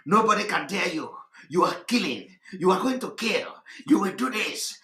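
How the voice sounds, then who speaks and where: A man delivering an impassioned, mocking monologue, often shouting and repeating himself. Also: a little high, big pitch swings, normal speed, roomy sound. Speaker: commentator.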